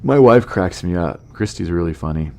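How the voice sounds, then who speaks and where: A comedian hosts his own podcast in a loose, rambling monologue. His voice sits very low, and he keeps poking fun at himself while tossing asides to the listeners. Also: animated, moderate pace, vocal fry, darkish tone. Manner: rambling, self-deprecating, chatty asides to listeners.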